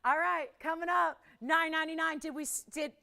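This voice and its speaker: A woman hosting a live jewelry shopping show, chatty and excitable, often laughing and talking to callers and operators. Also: very high voice, a little fast, gravelly.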